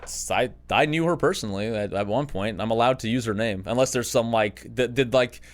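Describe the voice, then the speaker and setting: Man, podcast co-host, casual banter, rambling and jokey, average pitch. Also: fairly quick. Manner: rambling, joking, frequent restarts and laughs. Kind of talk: casual chat.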